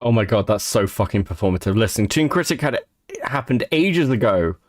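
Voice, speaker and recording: A sarcastic man reacting to a clip with profane, mocking asides. His voice is lively and rises and falls a lot, and the sound is close and dry. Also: fairly low pitch, brisk, no echo. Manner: sarcastic, profane, laughing scorn. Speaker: commentator reacting to a stream.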